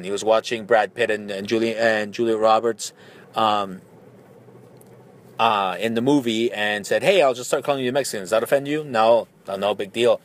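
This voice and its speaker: A man in his thirties hosting a podcast, telling a casual rambling story with lots of fillers and restarts. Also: fairly low pitch. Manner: rambling, many fillers and restarts, animated when excited. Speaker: podcast host.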